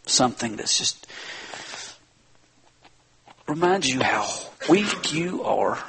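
A pastor preaching a sermon, a man who swings from loud, impassioned appeals to hushed tones. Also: mid-range voice, breathy edge.

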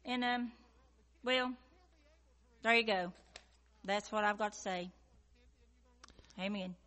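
A woman's voice: medium pitch, slow, bright, forceful tone. A young woman rambling through a comic prayer with lots of fillers and casual requests. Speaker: praying woman in a skit.

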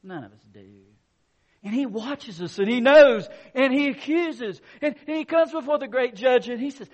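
A man with a fairly high voice delivers a sermon from the pulpit. He reads passages slowly and then builds to emphatic, rising bursts of conviction. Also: animated. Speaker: pastor.

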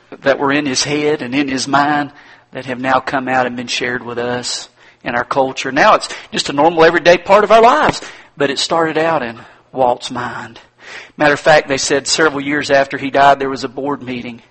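Casting: male preacher, folksy storyteller, bright voice with a raspy edge. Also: mid-range voice, steady tone, normal speed. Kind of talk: sermon.

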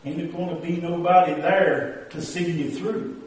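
A man's voice: a little high, steady tone, moderate pace, a little mellow, lightly acted. A man playing a folksy old male country preacher, telling a comic story in a drawling rural dialect. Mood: preachy. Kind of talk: comic monologue with hymn snatches. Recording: very echoey recording from far off.

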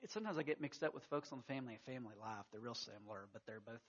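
A pastor preaching a sermon, telling stories in a folksy way with frequent stammered restarts. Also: male voice, medium pitch, racing. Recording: muffled lo-fi recording.

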